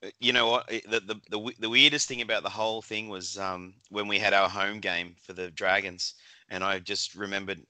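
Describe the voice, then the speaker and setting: A man's voice: lowish voice, flat delivery, fairly quick, pushed and bright. A man with an Australian accent, a guest in a podcast interview, chatting casually with lots of fillers, restarts and laughs.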